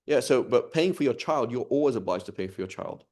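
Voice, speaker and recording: A man's voice: medium pitch, expressive, fairly quick, a little mellow. A man teaching an informal class, talking conversationally and often checking in with the students. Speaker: Islamic studies teacher.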